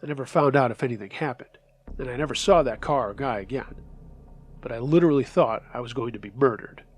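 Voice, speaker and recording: Husky male horror story narrator. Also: medium pitch, fast talker. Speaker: storyteller host.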